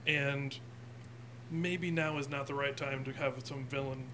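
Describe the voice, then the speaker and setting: A man co-hosting a casual podcast chat, tossing in dry one-liners, with a gravelly voice. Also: medium pitch, steady tone, measured pace, pushed and bright, slight background noise. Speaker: podcast co-host.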